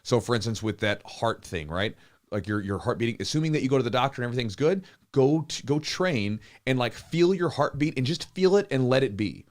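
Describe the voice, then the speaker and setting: A man in his thirties hosting a live podcast Q&A, chatting casually and telling stories with lively acted-out quotes. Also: mid-range voice, a little fast. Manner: animated storyteller, acts out quotes, swears casually. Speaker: podcast host and jiu-jitsu coach.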